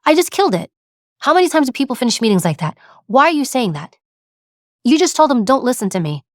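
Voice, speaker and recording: A woman giving a motivational talk, animated and acting out examples as she speaks. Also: high-pitched, fast, dry recording, clean studio sound. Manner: animated, acts out examples, repeats words. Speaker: speaker on presence and communication.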